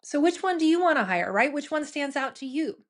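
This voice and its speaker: A middle-aged woman hosting a business podcast, talking to listeners in a brisk, conversational coaching tone full of "right?" asides. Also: sits high, expressive. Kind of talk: solo talk to listeners.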